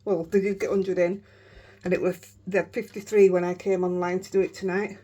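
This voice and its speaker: Excited chatty Yorkshire woman. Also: on the low side, brisk. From Yorkshire, England. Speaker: crafting vlogger. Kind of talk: casual show-and-tell chat.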